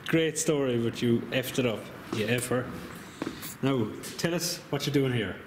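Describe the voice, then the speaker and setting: A man's voice: mid-range voice, normal speed. A man with an Irish accent bantering and teasing his friend while filming work on a car in a workshop. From Ireland. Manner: teasing, jokey, laughs often. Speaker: co-host filming the build. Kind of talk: casual banter. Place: echoey workshop garage. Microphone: handheld camera mic. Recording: echoey garage, background noise.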